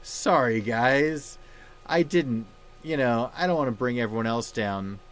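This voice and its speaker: A young man hosting a livestream, talking in a halting, subdued way with many fillers and restarts, grieving and somber. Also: mid-range voice, a bit bright. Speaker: livestream host. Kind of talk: casual livestream chat.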